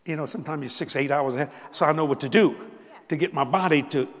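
A man preaching a sermon as a story, animated, swinging from soft asides to loud bursts. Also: a little high, fast talker. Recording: long hall reverb.

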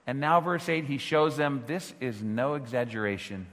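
A man preaching a sermon as pastor, earnest and full of rhetorical questions, moving from hushed tones to near-shouting. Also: mid-range voice, animated, moderate pace. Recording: long hall reverb.

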